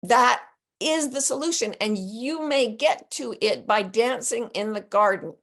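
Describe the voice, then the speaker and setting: A woman life coach and author as an interview guest, telling stories with lively acted-out quotes. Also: on the high side, a little slow. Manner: animated storyteller who acts out quotes. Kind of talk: conversational interview.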